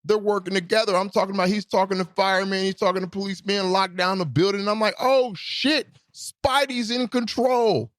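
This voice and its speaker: A man hosting his podcast, riffing in an animated, profane, emphatic way in casual chat. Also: sits high, fast, few pauses. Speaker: podcast host.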